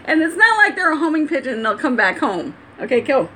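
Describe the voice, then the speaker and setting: A talkative woman with a somewhat high voice explains, step by step, how to hold her pet bird. She laughs often and keeps the tone casual and homey. It sounds like an everyday home video. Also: animated, fast talker, hardly any pauses, sharp tone, a little hiss or hum. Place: at home indoors.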